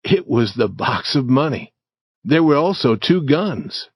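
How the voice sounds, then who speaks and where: A man narrating an audiobook story for English learners in a slow, clear, deliberate reading. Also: medium pitch, expressive, dry recording, clean studio sound.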